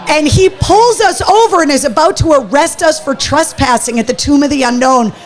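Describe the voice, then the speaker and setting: High-voiced woman telling an animated story. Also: soft background music. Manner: animated, quick storytelling with acted-out quotes. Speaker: host of a live talk show. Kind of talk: casual storytelling. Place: pub, live show.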